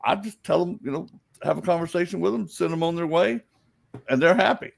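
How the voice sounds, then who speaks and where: A man's voice: sits high, brisk, gravelly. A man from Alabama, a psychic guest, telling stories in casual chat and acting out the voices he quotes. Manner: animated storyteller, acts out quoted voices.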